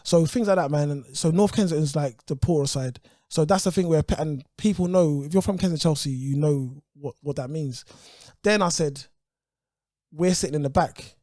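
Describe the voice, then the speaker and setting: A man with a London accent, a podcast guest telling lively stories in casual slang. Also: fairly high pitch, moderate pace, dry recording, clean studio sound. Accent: London English. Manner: animated, acts out quoted voices, uses London slang. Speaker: podcast guest, youth business founder.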